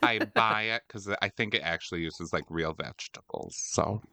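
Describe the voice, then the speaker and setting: Give me a low, smooth-voiced man teasing his co-host on a casual podcast. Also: normal speed, bright, forceful tone, no room sound. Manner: playful, teasing, drops into bits. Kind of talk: casual comedic chat.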